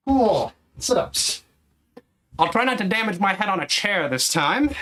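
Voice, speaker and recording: Man streamer, out of breath mid-workout, slightly high voice, unhurried delivery. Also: sing-song, sharp tone. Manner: chatty, counting exercise reps aloud. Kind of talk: casual live-stream chat.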